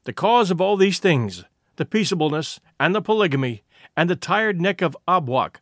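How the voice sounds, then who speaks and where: A man reading a classic short story aloud as narrator, measured and expressive. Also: sits high, dry recording, clean studio sound.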